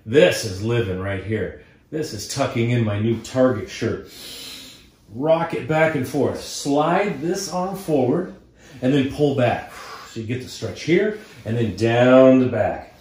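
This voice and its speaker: A man's voice: medium pitch, expressive, a little slow, darkish tone, echoey room. A man teaching a guided yoga class, cueing breath and poses and joking between them. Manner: playful, cues breathing and poses. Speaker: yoga instructor. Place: indoor room before a green screen.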